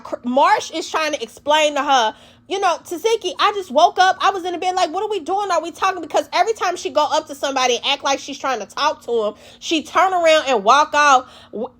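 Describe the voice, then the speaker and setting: Blunt profane woman with a high voice. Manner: blunt, profane, animated storytelling. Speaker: reality TV recap host. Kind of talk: casual recap commentary.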